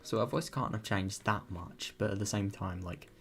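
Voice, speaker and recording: A man's voice: lowish voice, normal speed, faint music behind. A man reading a visual novel aloud and breaking off into chatty, rambling commentary. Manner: rambling, chatty asides with frequent laughs. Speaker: let's-play reader.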